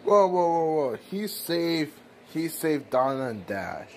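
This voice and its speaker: A man's voice: fairly high pitch, sing-song, slow pace, slight background noise. A man improvising a fan drama, talking with startled, jumpy outbursts.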